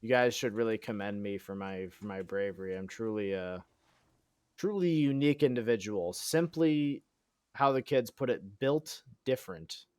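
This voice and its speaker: On the low side and darkish yet smooth, this man's voice has lively intonation at normal speed, recorded dry in clean studio sound. He streams a game while chatting casually with sarcastic mock bragging, self-mockery, swearing and out-loud thinking.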